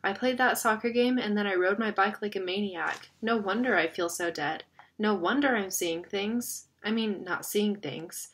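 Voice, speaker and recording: A woman's voice: medium pitch, moderate pace, a bit bright, a little hiss or hum, close to an everyday voice. A woman voicing a shaken, frightened young boy in a read-aloud story.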